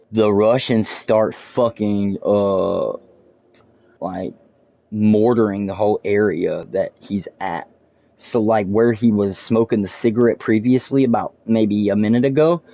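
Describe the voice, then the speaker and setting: Streaming a game from his home setup, a man tells a long, loose story packed with fillers, restarts, and frequent swearing. His voice is lowish with a dark tone, captured dry with no echo on a dull lo-fi mic.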